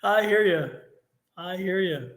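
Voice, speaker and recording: A man co-hosting a tarot reading stream, telling stories in a lively, animated way and laughing often. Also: high voice, takes it slowly, reverberant. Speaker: tarot reader co-host. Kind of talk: casual live-stream chat.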